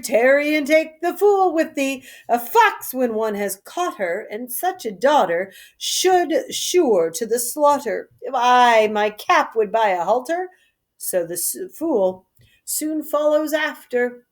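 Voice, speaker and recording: A woman's voice: high voice, lively intonation, takes it slowly. A woman reading aloud as a mocking court jester, speaking in sing-song rhyme. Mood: teasing. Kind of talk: solo reading of a play.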